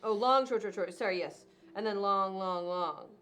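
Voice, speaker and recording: A woman playing a tabletop game, thinking aloud in halting, quick bursts while working out a puzzle. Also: mid-range voice, a bit bright, slight background noise. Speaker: player. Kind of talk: casual tabletop play.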